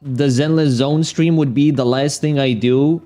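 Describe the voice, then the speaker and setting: Young male streamer, high voice, rambling profane rant. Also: fairly even intonation, measured pace, warm tone, faint music behind. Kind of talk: casual livestream rant.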